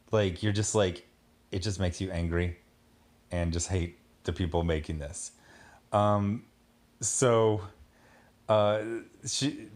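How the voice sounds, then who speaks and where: A man hosting a casual review, sarcastic and exasperated, rambling with lots of fillers and mocking asides. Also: lowish voice. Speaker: commentary host.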